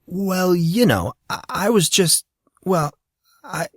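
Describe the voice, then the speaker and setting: A man's voice: mid-range voice, very animated, unhurried, no room sound, studio quality, pitched above the performer's own voice. A man voicing an awkward, nervous fourteen-year-old boy who stammers and hesitates. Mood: flustered.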